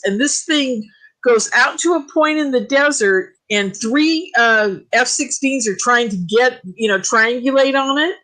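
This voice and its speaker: Excitable woman telling animated stories. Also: on the high side, rough recording. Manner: animated storytelling, emphatic and excitable. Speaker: UFO contactee guest. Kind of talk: casual talk radio chat.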